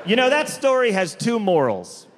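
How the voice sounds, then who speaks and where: A man's voice: sits high, wildly swooping pitch, normal speed. A man doing stand-up comedy storytelling on a theater stage, rambling with self-correcting asides and sudden emphatic outbursts. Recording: live theater, long reverb, faint noise.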